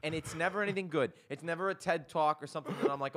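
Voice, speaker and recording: A man with a bright, forceful voice hosts a relaxed comedy chat. He tells stories with lots of energy and acts out the voices of the people in them. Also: a little high, racing, slight background noise. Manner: animated storytelling, acts out quotes. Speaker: podcast host.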